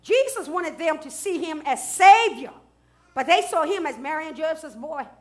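A middle-aged woman pastor preaching a sermon in church, building to shouts and drawing call-and-response from the congregation. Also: sits high, lively intonation, moderate pace.

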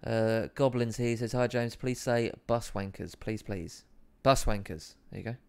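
Essex guy in his 30s live streaming a game, bit of fry in the voice, swears a lot, reads out chat, laughs at his own bad aim. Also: medium pitch, steady tone, moderate pace, a little mellow. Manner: reads chat aloud while playing, swears, self-deprecating. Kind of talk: casual gaming stream chat.

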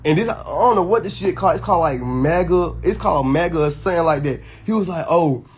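A man's voice: a little high, animated, quick pace, husky. A man, venting heatedly and emphatically to his viewers, swearing and restarting often. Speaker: social media personality. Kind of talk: venting straight to camera.

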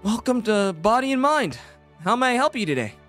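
A man voicing a sweet, polite female spa receptionist in a fan fiction reading, with a bright customer-service tone. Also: very high-pitched, sing-song, brisk, soft background music, voice pushed up, exaggerated voice.

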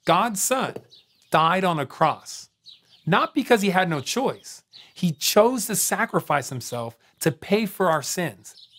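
A man narrating a scripted children's Bible story in an expressive way, with dramatic pauses. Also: sits high. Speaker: storyteller on a kids' show.

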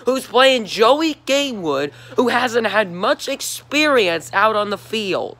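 A man's voice: high-pitched, lively intonation, takes it slowly, hardly any pauses, sharp tone. A man from Georgia in the US, hosting his own sports talk vlog and ranting in disbelief, with lots of repeated questions. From Georgia, USA. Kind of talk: solo sports rant vlog.

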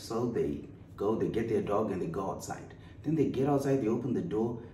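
A man's voice: on the low side, fairly quick, warm tone. A man preaching a sermon with an earnest, storytelling delivery, recorded in a church. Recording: roomy echo, distant mic, faint noise.

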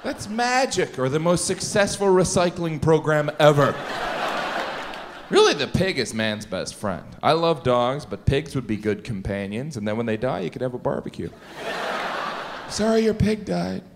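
A middle-aged man doing stand-up comedy on stage, slipping quickly into silly character voices. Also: a little high, animated. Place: stage before a laughing audience. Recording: live show with audience noise.

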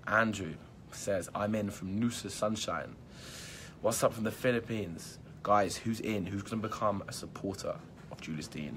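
A magician hosting a live stream, reading viewer comments aloud in casual, upbeat chat and hyping the audience, with lots of "um" and "like.". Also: male voice, low-pitched, a little hiss or hum. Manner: upbeat, hypes viewers, many fillers like "um" and "like". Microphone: phone or laptop live stream.

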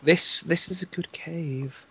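A man chatting casually while playing a game with a friend, playful and quick to laugh. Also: a little high, bright, forceful tone, a little hiss or hum. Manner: playful, laughs a lot, jokey banter. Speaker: gaming co-host. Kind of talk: casual gaming chat.

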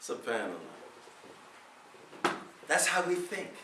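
A man delivering a Friday sermon as preacher. He speaks with passion, asks many rhetorical questions, and swells to near-shouts. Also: a little high, moderate pace, long pauses, slight background noise. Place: prayer hall. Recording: echoey room, voice from far off.

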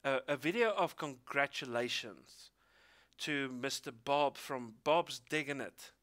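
A man's voice: mid-range voice, measured pace, a bit bright. A South African man hosting a casual interview, chatty and hesitant with many fillers.

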